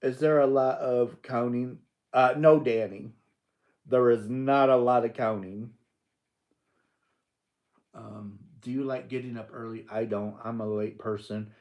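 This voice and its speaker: Unhurried older man hosting a playful live chat. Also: medium pitch, fairly even intonation, dull audio. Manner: playful teasing, laughs often. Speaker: livestream host. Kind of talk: casual live-stream chat answering viewers.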